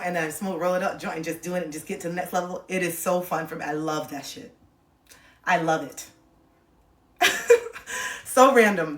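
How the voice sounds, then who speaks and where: A woman's voice: lowish voice, distant mic. A woman hosting a casual livestream, rambling and confiding, full of "like" fillers. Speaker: livestream host. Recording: echoey room, voice a bit off-mic.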